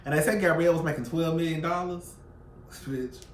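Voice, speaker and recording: A man hosting a casual gossip commentary channel, sassy and profane, swinging between loud outbursts and soft asides. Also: a little high, brisk, reverberant, slight background noise. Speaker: YouTube commentary host.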